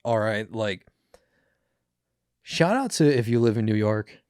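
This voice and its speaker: A man's voice: on the low side, animated, a little slow, darkish tone, clean tone, no room sound, studio quality. A young man hosting a podcast, chatting casually about news clips, rambling and swearing with many fillers. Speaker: podcast host.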